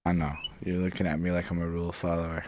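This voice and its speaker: A man's voice: low voice, monotone, fast, a little mellow, slight background noise. A man from Montreal on a casual live stream, speaking in a cautious, matter-of-fact way. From Canada, Montreal. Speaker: stream co-host.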